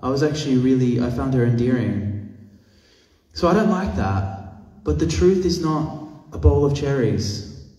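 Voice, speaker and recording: A man teaching a masterclass as an animal rights activist, telling a story with animated, acted-out quotes and frequent swearing. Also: medium pitch, unhurried. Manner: animated, acts out quoted voices, swears freely. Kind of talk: storytelling lecture. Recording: echoey hall, mic at a distance.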